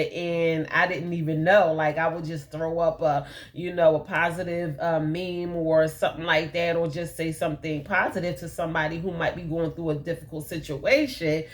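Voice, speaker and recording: Candid woman with a lowish voice. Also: fairly even intonation, normal speed, few pauses. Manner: candid, rambling, many fillers; laughs often while telling her story. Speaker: motivational speaker. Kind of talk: personal testimony talk.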